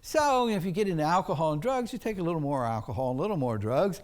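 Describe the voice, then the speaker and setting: Pastor guy preaching, high voice that swoops all over, takes his time. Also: expressive. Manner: dramatic, drawn-out storytelling with acted-out voices. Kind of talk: sermon. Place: chapel.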